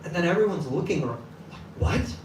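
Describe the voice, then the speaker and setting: A man's voice: a little high, brisk, slight background noise. A man giving a casual sermon to a live audience, telling a story and acting out the quoted voices of its people. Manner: lively, acts out quoted voices. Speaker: temple class speaker. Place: temple hall with live audience. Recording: echoey room from a distance, faint ambience.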